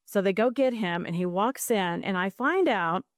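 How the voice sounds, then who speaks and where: A woman's voice: medium pitch, expressive, moderate pace, dry recording, clean studio sound. Earnest middle-aged woman telling a story. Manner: earnest, emotional, restarts often. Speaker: guest. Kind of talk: storytelling in a podcast interview.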